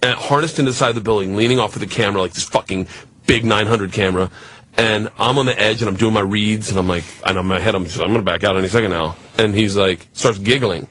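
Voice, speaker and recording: A man telling a long, profane story on a radio talk show, animated and acting out the other people in it. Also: lowish voice, fast, no room sound. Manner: animated, profane, acts out voices in his stories.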